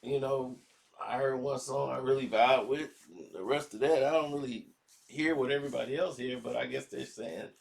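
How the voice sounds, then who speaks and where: A man hosting a casual commentary vlog, talking in slangy, animated style and acting out quotes. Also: medium pitch, moderate pace, gravelly. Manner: animated, slangy, acts out quotes in other voices. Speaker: commentary channel host.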